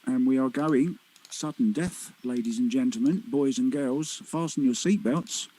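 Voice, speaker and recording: Guy calling pool, husky mellow voice, dry close sound, joking around. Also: mid-range voice, measured pace, low-quality recording. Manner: chatty, teasing, laughs easily. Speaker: pool commentator. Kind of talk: live sports commentary.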